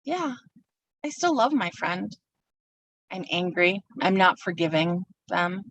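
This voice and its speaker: A woman's voice: lowish voice, lively intonation, takes it slowly, fairly bright tone, far from the mic, poor audio. A woman delivering a sermon from a pulpit, reflective and personal, speaking her feelings aloud as she works through them. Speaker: minister.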